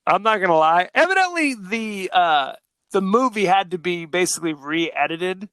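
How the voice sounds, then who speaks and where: High, bright-voiced male podcast host. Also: lively intonation, normal speed, clean tone, no echo. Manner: rambling, laughing, many fillers. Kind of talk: casual movie discussion.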